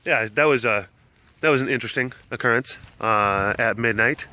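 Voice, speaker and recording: A young vlogger with big cats casually spins a rambling, animated story for the camera, performing voices as it unfolds. His mid-range voice runs at a normal speed, and slight background noise is present.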